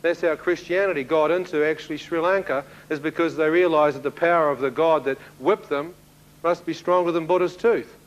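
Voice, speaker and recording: A man from New Zealand with a New Zealand accent, telling his testimony as a sermon and acting out the dialogue in an animated way. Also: a little high, a little fast, dull audio, slight background noise. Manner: animated storyteller who acts out dialogue, with laughs. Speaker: preacher giving a testimony.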